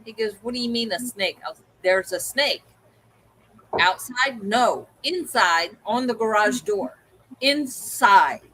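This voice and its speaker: Woman, casual storyteller, bright tense voice, slightly high, acts out quotes. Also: animated, takes it slowly, breathy edge, poor audio. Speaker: co-host.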